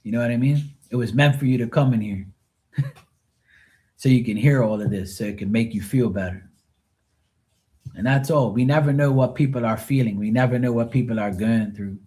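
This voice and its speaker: A man's voice: mid-range voice, moderate pace, long pauses, warm tone. A man chatting casually on a live tarot stream, rambling and swearing freely. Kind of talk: casual livestream chat.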